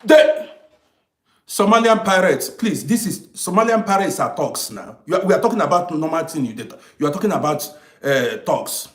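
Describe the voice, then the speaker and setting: A man's voice: fairly high pitch, sing-song, normal speed, reverberant. A man lecturing his live viewers in a heated, emphatic, repetitive way. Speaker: live streamer reading comments.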